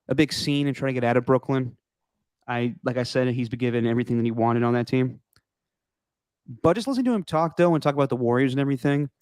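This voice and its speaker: A man hosting a sports podcast in casual chat, rambling and opinionated, his voice going hoarse. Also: mid-range voice, no echo, clean studio sound. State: losing his voice. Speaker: podcast host.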